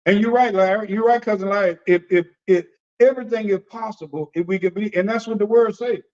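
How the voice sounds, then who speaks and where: A man preaching conversationally as an apostle, folksy and animated, often repeating phrases and acting out the voices he quotes. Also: high voice, fairly quick, dull audio. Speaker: apostle and preacher leading a discussion.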